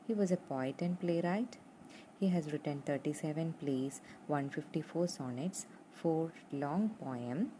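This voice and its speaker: Slow, low-voiced woman teaching literature. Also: mellow, a little hiss or hum, poor audio. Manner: slow and repetitive, spelling out points with fillers. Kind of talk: literature lesson.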